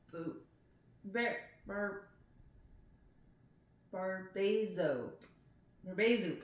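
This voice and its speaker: Her voice a little high and fairly bright, a woman reads poems in a very echoey space, casually chatting between them. When hard words trip her up, she laughs at herself.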